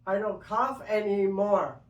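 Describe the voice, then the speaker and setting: A woman's voice: mid-range voice, unhurried, recorded from a distance, highs cut off. An older grandmother teasing a pet parrot in mock-hurt banter. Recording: roomy, from off-mic.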